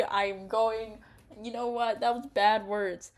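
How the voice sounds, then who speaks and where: A woman playing a story game who reads its text softly and breaks into laughing rants at the characters. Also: a little high, fairly even intonation, unhurried. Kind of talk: casual gameplay commentary and reading.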